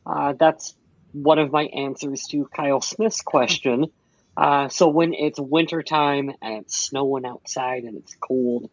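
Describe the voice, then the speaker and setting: A man's voice: a little high, no echo, muffled recording. A man from Iowa co-hosting a casual live show, laid-back and laughing often, swearing casually.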